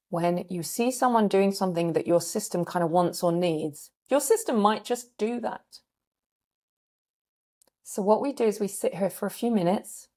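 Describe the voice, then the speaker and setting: Gravel-voiced woman guiding a calming practice. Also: medium pitch. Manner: gentle, permissive guiding with frequent sighs. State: scratchy, gravelly throat. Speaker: recovery coach. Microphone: desk mic on a video call.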